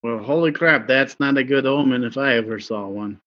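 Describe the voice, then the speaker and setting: A man's voice: mid-range voice, moderate pace. A man playing a tabletop game, tossing out joking asides in casual talk. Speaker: player. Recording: dull lo-fi sound.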